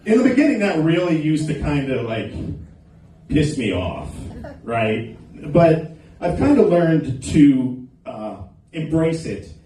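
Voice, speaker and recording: Male stand-up comic, crude crowd-teaser, fairly high voice, heard from afar in a roomy club. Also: very animated, takes it slowly, warm tone, slight background noise. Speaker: stand-up comedian. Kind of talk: open mic stand-up set. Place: small comedy club stage. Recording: echoey club, recorded from a distance.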